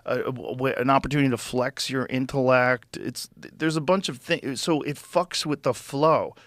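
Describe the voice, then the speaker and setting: A man's voice: medium pitch, steady tone, normal speed, a bit bright, no echo. Male podcast host, laid-back, emphatic delivery, dry studio sound. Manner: emphatic, repeats words, swears casually. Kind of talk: casual conversation.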